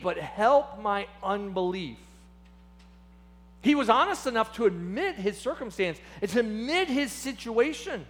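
Male preacher, high bright voice, animated delivery that voices the people he quotes. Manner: impassioned, acts out quoted speakers with rising pitch. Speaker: pastor. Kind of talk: sermon.

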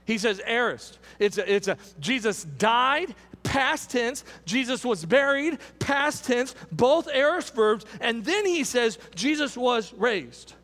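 A man with a very high voice preaches a sermon as pastor, driving his points home through emphatic repetition. His words ring out with the long reverb of a large hall. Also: expressive, slow pace, hardly any pauses, fairly bright tone.

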